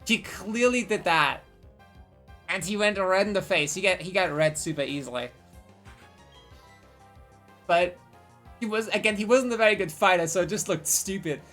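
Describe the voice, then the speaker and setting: A woman's voice: lowish voice, lively intonation, normal speed, long pauses, fairly bright tone, soft background music. A woman in her twenties telling a rambling, profane story on a live stream and drifting into tangents.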